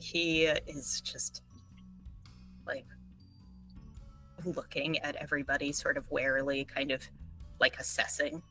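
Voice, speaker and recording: Bright, low-voiced woman describing a scene. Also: level tone, takes it slowly, long pauses, faint music behind, poor audio. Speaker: player. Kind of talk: tabletop role-play narration.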